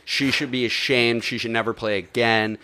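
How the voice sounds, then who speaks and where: Animated, swearing man in casual chat. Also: mid-range voice, moderate pace, a little hiss or hum. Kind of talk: casual film review chat.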